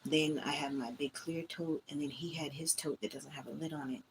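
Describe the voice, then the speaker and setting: A woman's voice: deep voice, steady tone, normal speed, slight background noise. A woman hosting her own livestream, speaking, candidly venting and talking straight to her chat from a small room at home. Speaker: livestream host.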